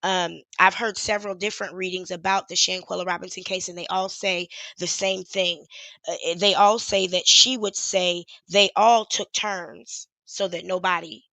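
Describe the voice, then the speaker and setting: A woman's voice: fairly low pitch, fairly even intonation, normal speed, sharp tone, no room sound. A woman YouTuber in her thirties talking in a casual, rambling livestream chat, frank and swearing freely.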